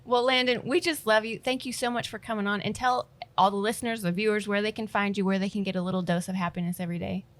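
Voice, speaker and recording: A woman's voice: medium pitch, fairly even intonation, fast, hardly any pauses. A woman co-hosting a podcast, chatting casually with her guest. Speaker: podcast co-host. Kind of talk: casual interview chat.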